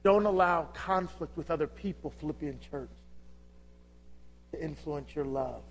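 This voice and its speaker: A man delivering a sermon in a notably high voice. He preaches with passion, drops to a hush, then builds again. He asks rhetorical questions all along. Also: measured pace, slight background noise. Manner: impassioned, rhetorical questions, swings from loud to hushed. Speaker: pastor.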